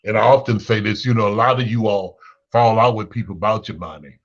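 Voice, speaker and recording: A man from Chicago, hosting a talk show and delivering a blunt, sassy, unscripted rant, his pitch jumping high when he is exasperated. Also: fairly even intonation, fast talker, lo-fi sound.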